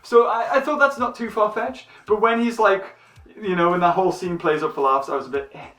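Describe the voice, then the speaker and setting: A man hosting a casual movie review chat, excitable and tripping over his words. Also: high-pitched, a little fast. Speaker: channel host. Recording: echoey room, mic at a distance.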